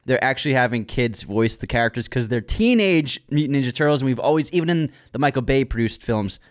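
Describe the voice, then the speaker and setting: A playful young man co-hosting a podcast, reading out news items in a relaxed chatty way. His voice sits at a middle pitch but moves with a lot of lively rise and fall. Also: fast talker. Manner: playful, reads news items, jokes around. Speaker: podcast co-host. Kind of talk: casual chat.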